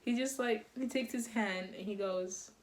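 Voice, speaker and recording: A young woman telling a casual storytime to camera, animated and dramatic, often breaking into laughter. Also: on the high side, moderate pace, a little hiss or hum.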